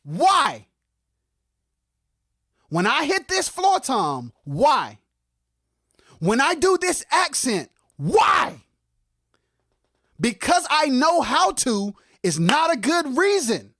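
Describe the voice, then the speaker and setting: Livestream co-host, impassioned music commentary, unhurried delivery, repeats key words, swings between shouting and quiet asides, dry close sound. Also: sing-song, no echo. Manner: gets fired up and shouts, then drops to quiet, low asides; repeats phrases for emphasis. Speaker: co-host of a live music talk stream.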